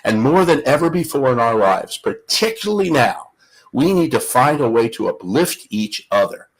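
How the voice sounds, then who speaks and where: An older man tells a story on a show with real flair, pausing for emphasis and leaning on key words. His voice is husky, and his pitch swings widely. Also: expressive, poor audio. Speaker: guest. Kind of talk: animated storytelling.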